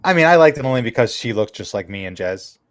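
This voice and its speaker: A podcast co-host who mostly chimes in with short, joking remarks. His voice is expressive and rises and falls widely in pitch. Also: quick pace. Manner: brief, joking interjections. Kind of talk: casual chat.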